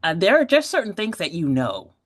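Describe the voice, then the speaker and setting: Speaking a little fast in a lowish voice, this forties-aged podcast guest tells her personal story in a lively way. She laughs a lot and does the voices of those she quotes, and the recording has no echo.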